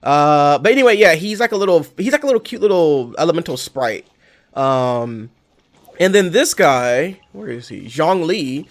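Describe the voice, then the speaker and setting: A man's voice: fairly high pitch, lively intonation, moderate pace. A young man streaming a game, chatting casually and rambling, correcting himself often and swearing freely. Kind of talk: casual chat while playing a game.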